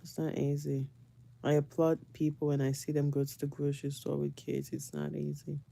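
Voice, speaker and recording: A woman's voice: low voice, monotone, moderate pace, gravelly, mellow. A woman, a mother, chatting casually to camera, repeating phrases for emphasis and often breaking into laughs. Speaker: vlogger and mother.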